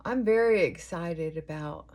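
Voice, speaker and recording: A woman's voice: lowish voice, measured pace, a little mellow. A middle-aged woman chatting earnestly and giving advice while doing her makeup.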